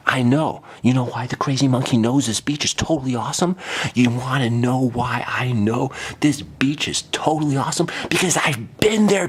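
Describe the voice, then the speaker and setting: A man's voice: on the low side, breathy edge. A man doing a sarcastic comedic rant from home, taunting and repeating his jabs with fake apologies. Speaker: comedy vlogger.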